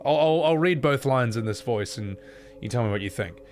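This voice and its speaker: A man streaming a game, chatting casually and quickly with his viewers. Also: medium pitch, lively intonation, a little mellow, faint music behind. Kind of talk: casual live-stream chat.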